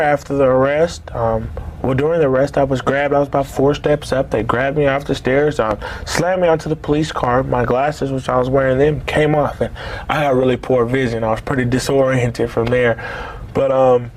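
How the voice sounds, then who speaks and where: A man in his forties tells a personal story haltingly, with many fillers and restarts. His medium-pitched voice is a little mellow with fairly even intonation, and there's slight hiss or hum.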